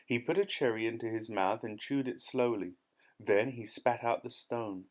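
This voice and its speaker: A man reading a children's storybook aloud in a clear, steady way. His voice sits at a middling pitch. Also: normal speed. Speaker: audiobook reader. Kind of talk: audiobook narration.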